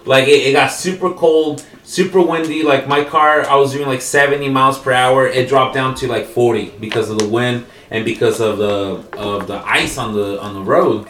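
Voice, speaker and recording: A man telling a story in casual chat, animated and full of slang, in a roomy, off-mic recording. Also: medium pitch, normal speed, hardly any pauses, distant mic, slight background noise. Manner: animated, slangy, acts out the characters. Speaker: podcast co-host.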